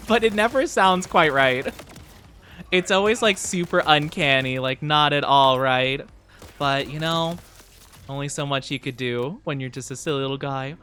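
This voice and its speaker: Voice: medium pitch, bright, forceful tone, slight background noise. A streamer giving casual, chatty commentary while playing a game, often laughing and greeting chat at a desk microphone. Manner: chatty, giggly, talks to chat.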